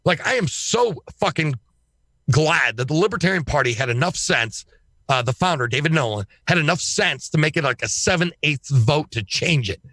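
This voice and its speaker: A man speaking as a guest on a podcast, talking in an emphatic, excitable way and swearing freely. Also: a little high, moderate pace, dry recording. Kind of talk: casual podcast chat.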